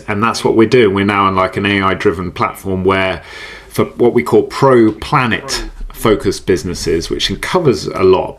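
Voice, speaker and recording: A middle-aged man talks in a casual, animated way, often laughing. His voice sits a little low. He doubles words when he restarts a thought. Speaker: podcast guest, entrepreneur. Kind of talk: casual interview chat.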